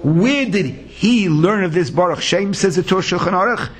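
Animated rabbi in singsong Talmud chant. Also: male voice, high voice, normal speed. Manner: sing-song Talmudic chant, mixing Hebrew and Yiddish terms. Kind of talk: Talmud lesson in Yeshivish English.

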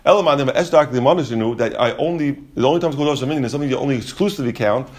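A man explaining Talmud in a casual class, rapid and full of restarts and asides. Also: mid-range voice, a little mellow. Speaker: Talmud teacher.

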